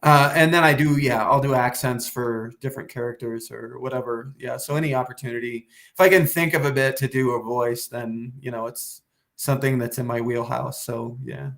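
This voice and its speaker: A man's voice: medium pitch, steady tone, normal speed, a bit bright. A man, a comedian guest, chatting casually on a podcast and rambling through restarts and some swearing.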